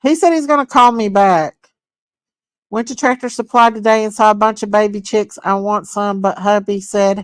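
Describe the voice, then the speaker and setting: A woman hosting a casual livestream. She reads viewer comments aloud, greets people by name and gushes with excitement. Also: medium pitch, normal speed, no echo, clean studio sound. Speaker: livestream host. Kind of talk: casual live chat reading viewer comments.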